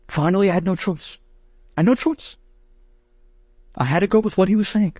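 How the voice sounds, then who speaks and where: Male rabbi storyteller, high voice, animated, mimics his characters; dry, close recording. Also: brisk, pauses often, no room sound. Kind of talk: humorous anecdote told to an audience.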